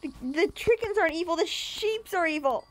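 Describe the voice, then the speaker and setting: A young woman with a very high voice chats while she plays a game. She keeps coaxing and pleading with a pet cow in a doting way. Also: lively intonation, moderate pace, low-quality recording. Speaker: gamer. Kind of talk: casual gaming chat.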